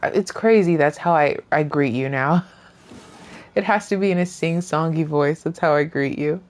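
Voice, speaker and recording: A woman streamer chatting casually over her gameplay, rambling and often trailing off into soft murmurs. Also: deep voice, normal speed. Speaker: gaming streamer.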